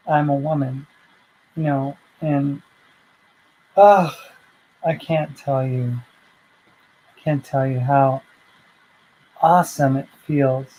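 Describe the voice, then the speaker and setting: A woman's voice: deep voice, warm tone, breathy edge, poor audio. A woman vlogger telling a personal story in a heartfelt, rambling way, full of fillers and restarts.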